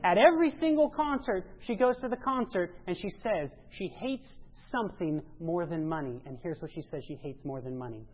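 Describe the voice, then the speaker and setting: A woman giving a sermon-style church presentation, emphatic, rising to loud exclamations and dropping low. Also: expressive, normal speed, few pauses. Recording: dull lo-fi sound.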